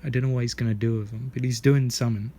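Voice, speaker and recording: A man's voice: medium pitch, fairly even intonation, racing, warm tone, a little hiss or hum. Rambling young British man outdoors. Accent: British English. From Britain. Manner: meandering, jokey, swears a lot, acts out silly voices. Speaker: vlogger. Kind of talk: rambling casual monologue. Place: outdoors in a garden.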